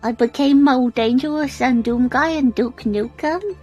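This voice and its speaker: A woman's voice: high voice, a little slow, mellow, highs cut off, faint music behind. A British woman streaming a game live, chatting casually with frequent giggles and rambling restarts. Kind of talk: casual live-stream chat while gaming.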